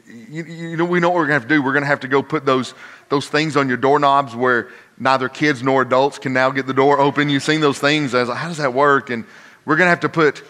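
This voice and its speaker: An older man preaching a folksy sermon that swells into loud, emphatic peaks. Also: mid-range voice. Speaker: pastor. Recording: long hall reverb.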